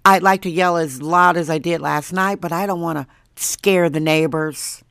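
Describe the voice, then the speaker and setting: A hoarse woman from Wisconsin who has lost her voice, hosting a chatty, jokey solo podcast from home. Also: on the low side, fairly even intonation, normal speed, fairly bright tone, no room sound, clean studio sound. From Wisconsin, USA. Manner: chatty, jokey, laughs at herself. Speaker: podcast host. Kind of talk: casual solo monologue.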